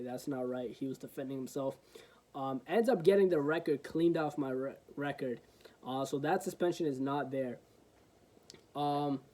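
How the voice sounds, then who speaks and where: A man's voice: fairly high pitch, dark tone, rough recording. A young man vlogging, telling a story in a loose, rambling way, full of fillers and "right?". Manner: rambling, filler-heavy, keeps asking "right?". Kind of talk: casual storytelling.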